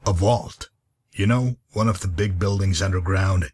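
Game NPC: man playing a husky, low-voiced, weary wasteland guide. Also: normal speed, darkish tone. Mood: weary, dry. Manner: dry, weary, patient. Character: gruff grizzled male wasteland guide. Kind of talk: game character dialogue.

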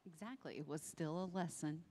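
A woman with a fairly low voice co-leads a Bible study in a thoughtful, conversational way. She retells scripture scenes vividly, as if she were there. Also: a little fast, warm tone, husky.

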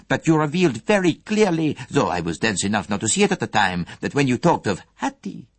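Poirot, as a man plays him, husky and measured. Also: medium pitch, no room sound. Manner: measured, gently relentless. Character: fussy, shrewd, elderly male detective. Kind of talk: audiobook character reading.

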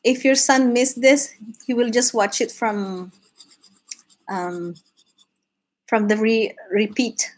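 A woman chats with her live-stream viewers while she draws, in a husky, slightly high voice. She talks slowly and easily, laughing often and starting sentences over. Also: fairly even intonation, rough recording. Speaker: host of a live drawing stream. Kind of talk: casual live-stream chat while drawing.

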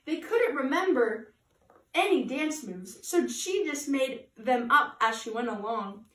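Animated woman reading a children's story. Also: high-pitched, a little slow. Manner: animated, chatty asides. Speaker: party entertainer reading a story. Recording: echoey room, voice from a distance.

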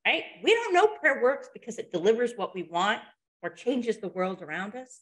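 A woman's voice: a little high, sing-song, moderate pace, a bit bright. A woman presenting a motivational webinar, talking conversationally and checking in with her listeners as she tells a story.

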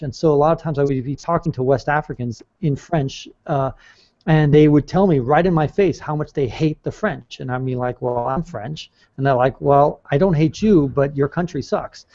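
A man's voice: on the high side, warm tone. A man being interviewed as a travel author on a podcast, talking at length in a casual way and restarting his sentences often. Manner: talkative, explains at length with restarts. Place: calling in from abroad. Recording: slightly muffled audio.

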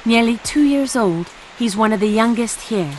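A woman's voice: on the high side, expressive, moderate pace, slight background noise. A woman working as a TV correspondent, giving scripted narration and asking short interview questions.

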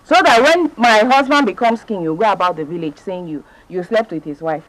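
A woman's voice: medium pitch, animated, a little fast, a bit bright, no room sound, lightly acted, rough recording. A woman with a Nigerian accent playing an indignant wife who protests and pleads with an intruder. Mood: alarmed. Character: frightened, indignant young wife defending herself. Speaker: brother's wife. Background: film score.

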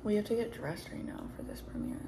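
A woman's voice: medium pitch, wildly swooping pitch, fast talker, vocal fry, very noisy. A woman from Colorado with a Mountain West accent, chatting casually and playfully in a home vlog, giggling as she tries out words. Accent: American Mountain West. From Colorado, USA. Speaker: vlogger. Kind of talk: casual couple vlog chat.

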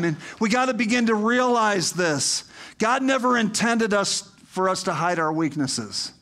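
A middle-aged male pastor delivers a sermon in a high, light voice. He talks to the congregation like a friend, with asides and questions, and builds up to emphatic, rousing appeals. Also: animated, measured pace, bright, forceful tone.

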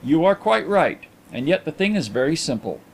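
A composed gentleman detective voiced by a man in a storybook reading. He speaks in a measured, dryly ironic manner, slightly higher than the narration around him. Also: very animated.

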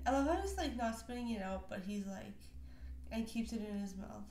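Her voice is a little high and warm, sing-song at a moderate pace, heard in an echoey room with faint noise. The young woman hosts a casual reaction video, giggling and chatting while voicing what the pets might be thinking.

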